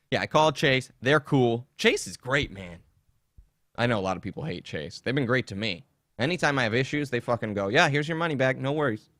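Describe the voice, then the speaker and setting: A man's voice: mid-range voice, fairly bright tone, no room sound, studio quality. A man hosting a podcast, telling a story in a casual, comedic way, indignant and swearing freely. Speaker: podcast host.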